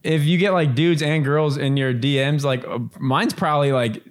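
A man's voice: on the high side, fairly even intonation, moderate pace. A man in his twenties chatting casually on a podcast, crude and laid-back, with lots of fillers. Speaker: podcast co-host. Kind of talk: casual chat.

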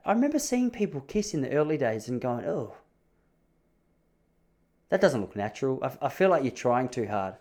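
A man's voice: medium pitch, very animated, normal speed, pauses often, a little mellow. A man in his thirties with an Australian accent, telling rambling, self-mocking comic stories in a casual chat. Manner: rambling, self-mocking, often restarts phrases.

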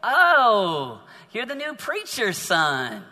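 A woman's voice: mid-range voice, wildly swooping pitch, drawn-out words, bright, forceful tone, in a large hall, voice pushed up, full character voice. A man quoting a helpful Southern church lady in a sermon story, in a near-ordinary voice.

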